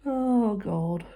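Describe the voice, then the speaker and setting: A middle-aged woman chatting casually about her crafts, telling stories and acting out what others said in higher voices, laughing often. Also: dark tone. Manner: chatty storytelling, acts out quotes in high voices, laughs often. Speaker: crafting vlogger. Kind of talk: casual chat while crafting.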